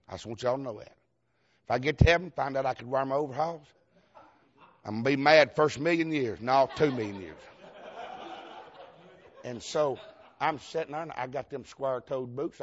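A man preacher from Georgia with a Southern accent, telling a funny story in a folksy, self-mocking way, often laughing through his words and breaking into shouts. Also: mid-range voice, dull audio. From Georgia, USA. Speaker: visiting preacher. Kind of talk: humorous storytelling sermon.

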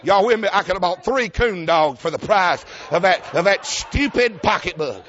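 A Southern man preaching in a folksy, emphatic way, his voice sitting a little high for a man. He spins a funny story from the pulpit, laughing and asking the congregation for an amen. The recording sounds dull and lo-fi. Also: expressive, moderate pace, fairly bright tone. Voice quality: folksy, emphatic, laughs often, calls for amens. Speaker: Baptist preacher. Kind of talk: storytelling sermon.

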